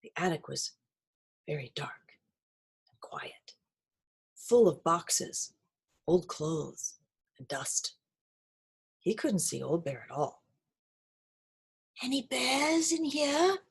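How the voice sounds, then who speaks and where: A woman reading a children's picture book aloud in an expressive, sing-song storytelling manner. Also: low-pitched, slow, vocal fry, long pauses, husky. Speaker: reader.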